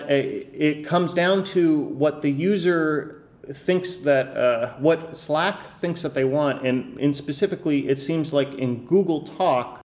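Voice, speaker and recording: A podcast host with a medium-pitched, darkish voice rants casually, incredulous as he dissects a text. He's hesitant, full of fillers and restarts.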